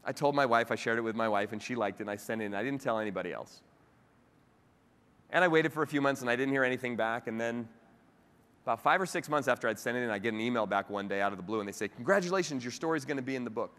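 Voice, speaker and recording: A man at mid pitch tells a story from the stage of a large convention hall, and his voice trails off in a long reverb. He is an animated storyteller who acts out the quoted voices of the people in his story. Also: fast. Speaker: keynote speaker. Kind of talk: storytelling keynote speech.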